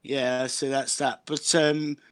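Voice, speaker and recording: A man's voice: medium pitch, little pitch movement, slow, fairly bright tone, smooth. A man, chatting casually and jokily as a guest on a live voice chat. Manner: slangy, jokey, laid-back.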